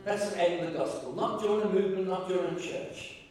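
A man preaching from the front of a large church hall, his voice bouncing around the room and caught from some distance. He is a little higher than most men and tells his stories warmly, with halting restarts and repeated words. Faint room ambience sits under him. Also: fairly even intonation, slight background noise. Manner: warm, emotional storytelling with halting restarts. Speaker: pastor. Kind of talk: sermon. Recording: echoey hall, voice from far off.

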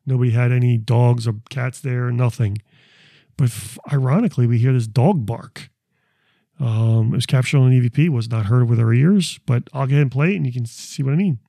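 A man with a gravelly, rough edge to his voice talks through his recordings in a loose, rambling way, often repeating words and restarting his sentences. His tone is dark and mellow. The sound is dry and close, with no room around it. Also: mid-range voice, a little fast, no room sound. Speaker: paranormal investigator presenting recordings. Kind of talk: casual explanatory talk.

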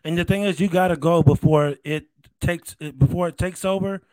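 A man's voice: on the high side, fairly even intonation, normal speed, a little mellow, no room sound. Laid-back man chiming in with short replies. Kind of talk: casual podcast chat.

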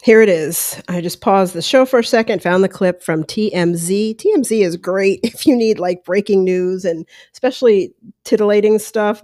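A woman's voice: lowish voice, darkish tone, dry recording, clean studio sound. A woman hosting her own podcast, talking straight to listeners in a chatty, casual way and acting out what others said. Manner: chatty, talks to listeners directly, acts out quotes. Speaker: podcast host, former reality show houseguest. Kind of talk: casual commentary.

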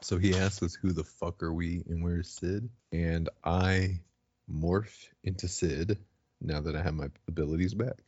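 A man's voice: low-pitched, steady tone, measured pace, darkish tone, breathy edge, lo-fi sound. A man playing a tabletop game, speaking brashly and profanely in character. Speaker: player. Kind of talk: tabletop role-play.

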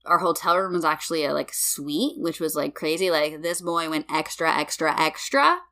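A young woman chats casually on a podcast, her voice bright and sharp. She tells her stories with plenty of "like" fillers and acts out what people said to her. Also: deep voice, normal speed. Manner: animated storyteller, acts out quotes, many "like" fillers. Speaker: podcast co-host. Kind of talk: casual chat.

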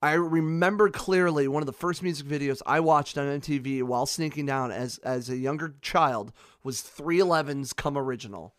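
A man's voice: fairly high pitch, moderate pace, hardly any pauses, fairly bright tone, no echo, clean studio sound. A young man with a Midwestern American accent hosting a podcast, telling stories in a loose, rambling way with lots of restarts and fillers. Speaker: podcast host. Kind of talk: casual interview chat.

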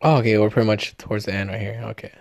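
A man's voice: lowish voice, racing, vocal fry, no echo, studio quality. A man hosting a podcast, breaking down a movie trailer in a casual, joking and profane way, often tripping over his words. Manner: excited, jokey, profane, stumbling over words. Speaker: podcast host.

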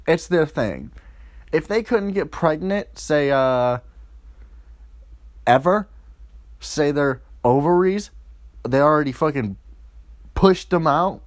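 A man's voice: a little high, expressive, takes it slowly, pauses often, no echo, studio quality. A young man delivering a crude, profane comedic rant, rambling and mocking.

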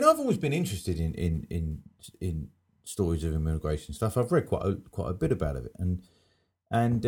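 A man's voice: fairly low pitch, a little mellow, husky. A man talking in a casual chat, emphatic and opinionated.

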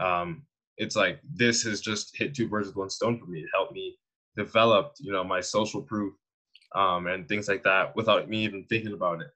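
Young canadian guy, lowish voice, slangy and laughing through his stories. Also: poor audio. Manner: slangy, animated storyteller who laughs often. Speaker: guest, online fitness coach. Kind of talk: casual conversational interview.

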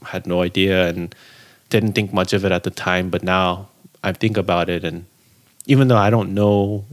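Young male podcast co-host, very low voice, relaxed halting chat. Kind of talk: casual chat.

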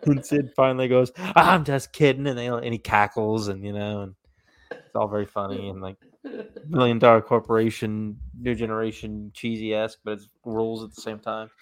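A man's voice: fairly low pitch, little pitch movement, fairly quick, clean tone. A man co-hosting a podcast in casual chat, rambling with lots of "like" and restarts. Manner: rambling, many likes and restarts. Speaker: podcast co-host.

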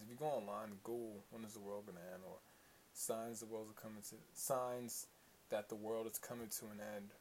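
A man hosting a casual solo commentary show, profane, rambling and opinionated. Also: fairly low pitch. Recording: faint hiss.

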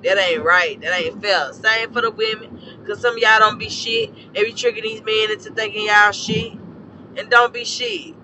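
A hoarse man with a fairly high voice delivers a blunt, cuss-filled rant about parenting. His tone is preachy and direct. Loud traffic and outdoor noise sit clearly behind him. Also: little pitch movement, moderate pace. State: hoarse from a scorched throat. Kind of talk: casual opinion rant.

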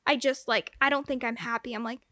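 A young woman telling a long personal story in casual chat, animated, saying "like" a lot and swearing freely. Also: sits high, fairly quick, a little hiss or hum.

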